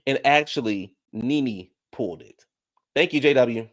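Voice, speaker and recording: A man hosting a casual YouTube show, recapping a reality TV episode and talking to his viewers in chat, jumping into animated high voices when he quotes people. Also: a little slow. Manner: talks back to viewers in chat. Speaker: YouTube reaction show host.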